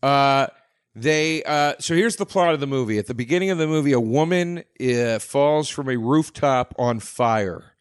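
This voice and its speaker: Male podcast co-host, casual chat, bouncy animated delivery, dry studio mic. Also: mid-range voice, normal speed, clear, resonant tone, dry recording. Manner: animated joke-telling, laughs at own jokes.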